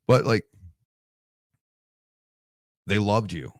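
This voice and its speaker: A man in his forties, a Marine veteran guest, talks slowly through war stories in an informal interview; he's emotional, tearing up, swearing, and restarting sentences. His pitch is fairly low, and the studio recording is clean with no echo.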